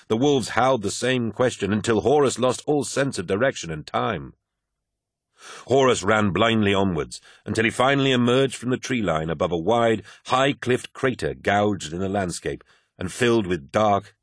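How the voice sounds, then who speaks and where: A man with a very deep voice reads a dark fantasy story in steady, dramatic narration. The recording is close and completely dry. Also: no room sound. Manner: measured, dramatic. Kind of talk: scripted audiobook narration.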